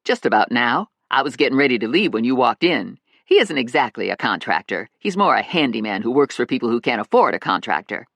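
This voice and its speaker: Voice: mid-range voice, sing-song, brisk, creaky, few pauses, a bit bright, full character voice. A narrator voicing a brash, self-assured woman friend in an audiobook, emphatic and dramatic. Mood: sassy.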